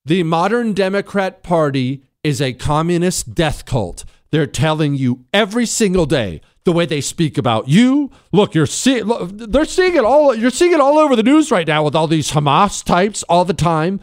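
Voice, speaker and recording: A man's voice: sits high, expressive, normal speed, no echo, clean studio sound. A male talk radio host reading listener emails and giving a combative, preachy monologue, mocking imagined callers in put-on voices.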